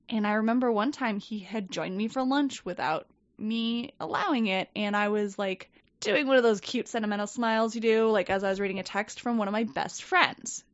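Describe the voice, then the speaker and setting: A woman telling a story in casual chat, animated and swearing, acting out quoted people. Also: fairly high pitch, no echo. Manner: animated, profane, quotes people in lively voices. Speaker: podcast guest. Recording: dull, dry podcast mic.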